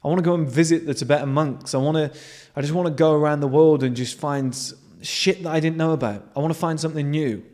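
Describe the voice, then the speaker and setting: A man with an animated manner, hosting a casual monologue to his viewers and swearing freely. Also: medium pitch. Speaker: host.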